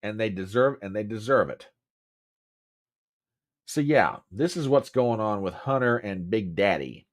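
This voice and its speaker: A Southern American man with a lowish voice speaks at a measured pace and pauses often. He hosts a casual political commentary livestream, chatty and emphatic, repeating phrases and answering viewers by name.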